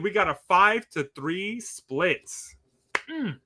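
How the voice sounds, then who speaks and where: A man talks through his wrestling predictions with bright, ringing energy. He is excitable and playful, and he ribs his co-hosts in a loose podcast chat. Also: high-pitched, slow pace. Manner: excitable, laughing, teasing. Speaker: podcast co-host giving predictions.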